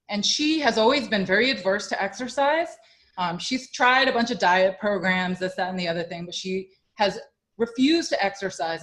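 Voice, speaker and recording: A young woman who works as a fitness coach tells her story in a chatty interview packed with fillers, becoming more emotional until she is tearful. Her voice is medium in pitch and a bit bright.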